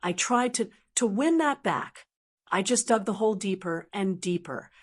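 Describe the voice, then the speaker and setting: A woman's voice: medium pitch, expressive, slightly rough. Woman voicing a stammering, ashamed grown son. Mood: ashamed, pleading. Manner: halting, stammering confession. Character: ashamed adult son confessing gambling debt.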